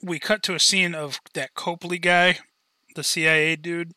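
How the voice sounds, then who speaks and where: A man talking casually about a film on a podcast, with quick, wry asides. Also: a little high, little pitch movement, bright, forceful tone, dry recording, rough recording. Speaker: podcast guest or co-host. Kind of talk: casual movie discussion.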